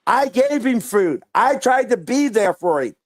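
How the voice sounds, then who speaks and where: A man on a panel, speaking haltingly and often restarting his sentences. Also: very high-pitched, sing-song, no room sound, clean studio sound. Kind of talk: heated panel discussion.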